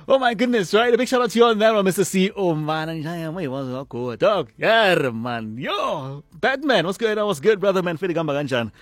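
A man hosting a lively morning radio show, mixing English with Zulu slang. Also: high-pitched, moderate pace, faint music behind.

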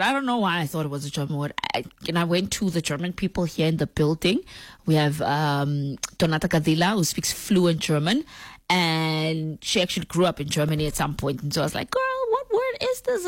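A woman's voice: low voice, a little fast, no echo. A woman radio host talking in a playful, chatty way, stretching out words for emphasis. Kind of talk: casual radio talk. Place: radio studio.

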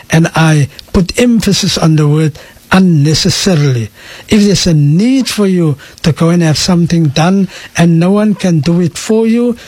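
A man, a sheikh calmly explaining answers to listener questions on a radio call-in show, dropping in Afrikaans phrases. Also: sits high, slightly rough, dry recording. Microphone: radio studio microphone.

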